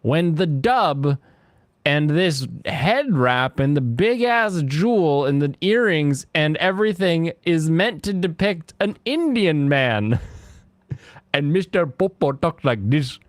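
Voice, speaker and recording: Animated, ranting male streamer. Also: a little high, slow, no room sound. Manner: animated, ranting, laughs often. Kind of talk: casual gaming stream chat.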